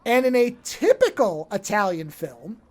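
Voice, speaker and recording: Animated man recapping a film. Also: high voice, a little slow. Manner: animated, rambling retelling with restarts. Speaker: podcast co-host. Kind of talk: casual film-discussion chat.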